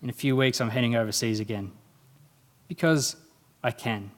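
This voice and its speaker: A man's voice: medium pitch, moderate pace. A young man giving a motivational speech at a graduation ceremony, telling stories and acting out the dialogue in them. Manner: animated storytelling, acting out quoted dialogue. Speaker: guest speaker.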